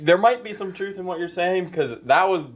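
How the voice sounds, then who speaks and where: A young man co-hosting a podcast in casual chat, giggly and animated. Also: high-pitched, normal speed, faint music behind. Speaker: podcast co-host.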